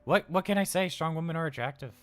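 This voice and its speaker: A man's voice: fairly high pitch, fast, a bit bright, dry recording, faint music behind, natural voice. A man voicing an anxious, cheerful male robot daycare attendant on a live role-play stream, chatty and flustered, rambling with stammers. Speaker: livestream role-player.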